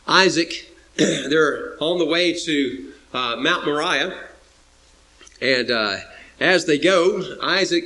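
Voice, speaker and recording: A man preaching a sermon, emphatic and repetitive, sometimes acting out quoted speakers in a raised voice. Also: fairly bright tone. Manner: emphatic, repeats phrases, rises to high pitch for emphasis; acts out quoted speakers in a higher voice.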